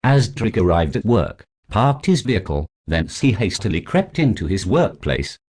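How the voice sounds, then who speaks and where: A man's voice: on the low side, very animated, normal speed, darkish tone, slightly rough. A man narrating his own story in a formal, stiff storybook manner. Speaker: author narrator.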